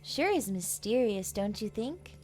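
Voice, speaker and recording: A woman's voice: mid-range voice, very animated, unhurried, over music. A woman voicing a chatty, curious young woman character in a game who loves passing on rumors. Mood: gossipy. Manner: curious, gossipy, playful.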